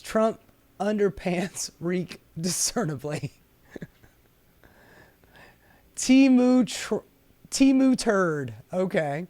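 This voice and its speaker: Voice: mid-range voice, animated, takes it slowly, long pauses, darkish tone. A host giving casual commentary while reading protest signs aloud, sassy and profane, laughing often.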